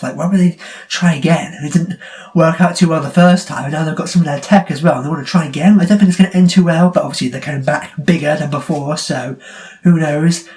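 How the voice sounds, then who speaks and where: Male film reviewer, casual and chatty, incredulous, laughs a lot, higher voice. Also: a little mellow. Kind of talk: casual spoken movie review.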